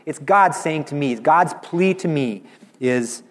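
A man's voice: fairly high pitch, big pitch swings, moderate pace. A middle-aged man preaching a sermon as a missionary speaker, earnest and building into impassioned repetition. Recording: long reverb of a large hall.

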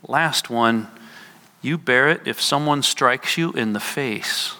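A man's voice: a little high, unhurried, pushed and bright. A man preaching a sermon, explaining a scripture passage verse by verse and voicing quoted lines with emphasis. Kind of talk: sermon teaching. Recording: hall reverb.

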